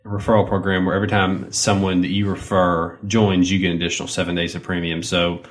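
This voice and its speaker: A man with a Southern American accent, co-hosting a podcast in a relaxed, rambling way with many fillers. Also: sits low, brisk. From Southern United States. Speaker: podcast co-host. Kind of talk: casual podcast chat with sponsor reads.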